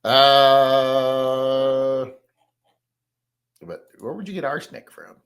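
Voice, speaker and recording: A man's voice: medium pitch, steady tone, extremely slow, fairly bright tone. A man with a Southern American accent hosting a casual podcast, reading out viewer comments and answering them in a blunt, rambling, folksy way. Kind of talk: casual solo podcast chat.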